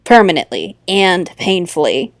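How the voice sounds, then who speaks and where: A woman voicing a tough older female troll who speaks calmly with a country drawl, in a game let's play. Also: fairly low pitch, measured pace, no room sound, clean studio sound, voice pushed down. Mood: steady. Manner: country drawl, calm and plainspoken.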